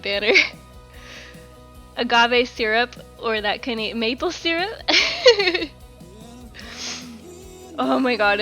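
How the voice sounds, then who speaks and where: A young woman talks casually to her chat from a home kitchen, bright and a touch high in pitch. She giggles often, curses lightly and sounds a little out of breath. Soft music plays faintly behind her. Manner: giggly, chatty, reads chat aloud, swears casually. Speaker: streamer. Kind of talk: casual live-stream chat while cooking.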